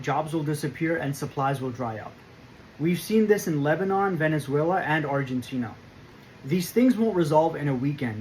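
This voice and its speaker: A man with a slightly raised voice talks through a scripted prepping explainer. He is firm and emphatic, and he spaces his points in a measured rhythm. A faint hum of noise sits under the recording. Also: a little high, poor audio. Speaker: prepping channel host.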